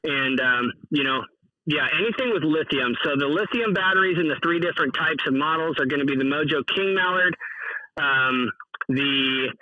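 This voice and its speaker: A man's voice: fairly high pitch, moderate pace, no room sound, distant mic, lo-fi sound. A man from the American West Coast, a podcast guest chatting casually and calling people "dude.". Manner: laid-back, says "dude" a lot. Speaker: podcast guest, decoy maker.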